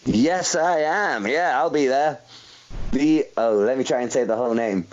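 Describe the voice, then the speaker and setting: A man's voice: mid-range voice, normal speed, darkish tone. Young male guest, easygoing and giggly, mid-range voice, slightly dull lo-fi audio. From England, Welsh parents. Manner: laid-back, laughs often, rambling with fillers. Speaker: professional wrestler, guest. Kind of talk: casual interview chat.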